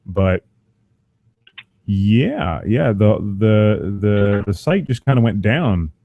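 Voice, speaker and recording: Laid-back low-voiced man, dull sound. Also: lively intonation, slow pace, gravelly, no room sound. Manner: laid-back, chatty, swears casually. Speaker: podcast co-host running the stream. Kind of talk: casual podcast chat.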